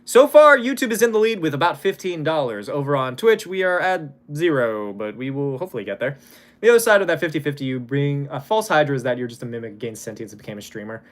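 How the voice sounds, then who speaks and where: A young man from Hawaii talks to his live-stream chat, thanking donors and answering questions in a loose, chatty way. His voice sits a bit high and moves around a lot, with a casual curse dropped here and there. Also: fast. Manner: chatty, lively, swears casually.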